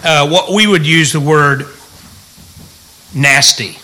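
A man's voice: a little high, takes it slowly, bright, forceful tone, low-quality recording. A middle-aged man, a pastor, teaching the Bible in a folksy, joking way and asking the room questions.

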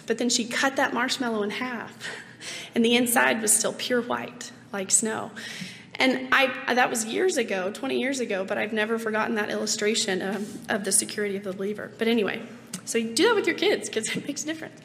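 A woman in her late twenties speaks with a hoarse, rough voice that sits a little high. She gives a reflective personal faith testimony, pausing on ums and speaking earnestly. The recording has a long, trailing reverb. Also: a bit bright. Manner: earnest and reflective, with frequent ums and light laughs. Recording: long reverb, faint background noise.

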